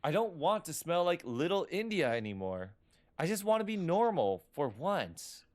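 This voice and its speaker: A man plays a young adult son itching to leave home, curt and defensive, his tone swinging lively up and down. The voice of a story game's restless teenager. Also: on the high side, normal speed, voice pushed up. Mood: exasperated. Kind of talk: reading game dialogue aloud.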